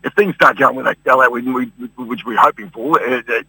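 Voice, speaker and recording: An Australian man talking fast in a bright, husky voice. He rambles and restarts his sentences as a radio guest. The sound is dry and close. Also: mid-range voice, no echo, rough recording. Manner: rambling, restarts often, chuckles. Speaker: guest singer. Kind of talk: phone-in radio interview.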